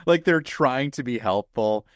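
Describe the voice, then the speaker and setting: A man co-hosting a casual podcast chat, easygoing and quick to agree. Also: medium pitch, lively intonation, dry recording, highs cut off. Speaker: podcast co-host.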